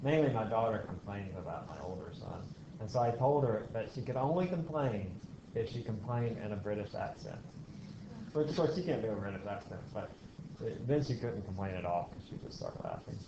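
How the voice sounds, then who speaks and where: This physics lecturer has a lowish voice with vocal fry and talks a little fast, very animated. He explains step by step in a classroom, putting questions to the class and adding the odd aside, captured in a dull lo-fi recording with faint hiss.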